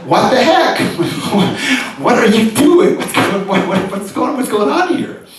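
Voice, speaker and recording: A man's voice: expressive, slow, heavily acted. A man voicing a frightened four-year-old girl who squeals in panic. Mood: indignant. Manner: high squealing panicky cries. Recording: echoey lecture hall, mic far off.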